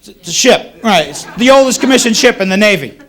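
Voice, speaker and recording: A man's voice: high voice, lively intonation, brisk, fairly bright tone. A man in his thirties from the Boston area, doing a wry, self-mocking stand-up set on a club stage. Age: 30s. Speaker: stand-up comedian. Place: comedy club stage with a laughing audience. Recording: 1980s cable TV taping with crowd laughter.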